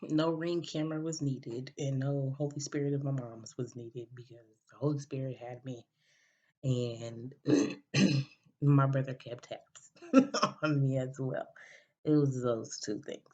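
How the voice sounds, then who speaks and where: On a dull, lo-fi recording, a woman hosting a podcast recounts a personal story in a rambling, casual way, often using fillers and starting over. She has a mellow bass voice with a steady tone and speaks a little slowly.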